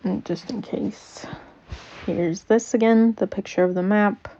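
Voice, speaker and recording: Slow-talking woman game master. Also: medium pitch, fairly even intonation, dark tone, dull audio. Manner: teasing, laughs often, many fillers. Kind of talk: running a tabletop game on a stream.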